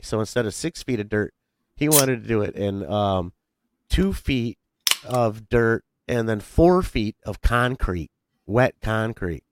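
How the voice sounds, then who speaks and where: A man co-hosting a podcast, telling a rambling, excitable story full of swearing. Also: lowish voice, no room sound. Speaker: podcast co-host. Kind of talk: casual chat.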